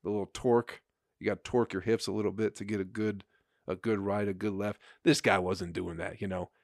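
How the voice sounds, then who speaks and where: A man's voice: on the low side, level tone, brisk, dry recording, studio quality. A young adult man on a profane, rambling comedic rant, full of filler and laughter. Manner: rambling, crude, laughs often.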